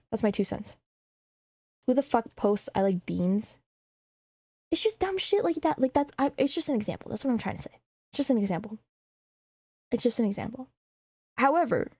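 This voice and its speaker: Rambling young woman streamer, mellow voice. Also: a little high, dry recording, clean studio sound. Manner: rambling, swears freely, laughs often. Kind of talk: casual chat.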